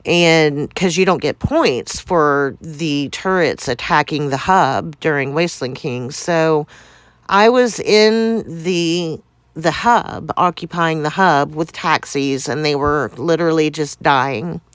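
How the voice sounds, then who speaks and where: A woman's voice: deep voice, slow pace, smooth, no echo. A woman telling a casual, rambling story with many fillers, laughs and candid swearing, a little out of breath. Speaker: game community member recounting events.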